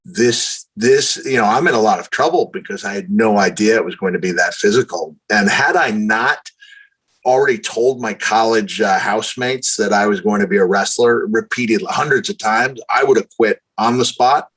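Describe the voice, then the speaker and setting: A man in his fifties, a podcast guest telling long stories with lively, self-deprecating humor. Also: on the low side, moderate pace, slightly rough, low-quality recording. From New York, USA. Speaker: guest, retired wrestler. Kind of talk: storytelling in conversation.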